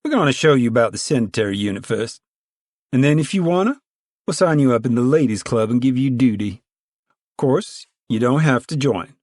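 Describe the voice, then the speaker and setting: A man reading aloud and voicing a big, powerful woman who chairs a camp committee, booming, formal and proud. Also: lively intonation, fairly quick, darkish tone, no echo, studio quality, lightly acted.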